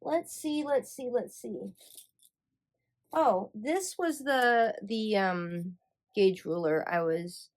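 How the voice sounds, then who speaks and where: Woman host from Michigan, unhurried and enthusiastic show-and-tell chat, filler-heavy, mid-pitched. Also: a little mellow. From Michigan, USA. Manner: chatty and enthusiastic, many ums and likes. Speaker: yarn dyer and podcast host.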